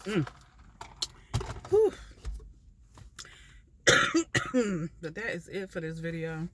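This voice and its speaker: Parked at a park, this Philadelphia woman with a southern drawl talks in between mouthfuls for her mukbang video, easygoing, slow and chatty. Her voice is fairly low, and the recording is dry.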